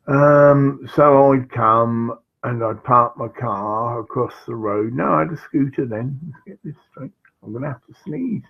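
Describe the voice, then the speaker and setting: A man recounts an old story in a slow, meandering way, stopping for asides and fillers. His voice is gravelly and a little husky, heard through a dull, lo-fi recording. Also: medium pitch. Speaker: vlogger. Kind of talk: rambling personal anecdote.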